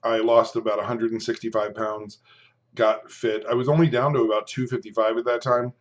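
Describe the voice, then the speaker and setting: A man's voice: medium pitch, flat delivery, brisk, highs cut off. A man in his fifties talking casually to camera while eating, chatty and rambling, stopping now and then to chew. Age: 50s. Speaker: food and fitness vlogger.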